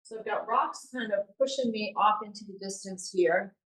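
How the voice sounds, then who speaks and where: Woman, painting demo, relaxed and chatty, roomy echo. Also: mid-range voice, normal speed. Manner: relaxed, chatty, thinking aloud with fillers. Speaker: painting demonstrator. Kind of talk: live art demonstration talk. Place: meeting room with an audience. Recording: echoey room recorded from far off.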